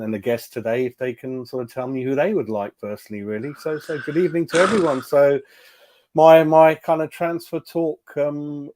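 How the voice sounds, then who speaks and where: A man's voice: a little high, darkish tone. A man hosting a casual fan talk show, chatty, often repeating words and using fillers. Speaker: host. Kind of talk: casual chat.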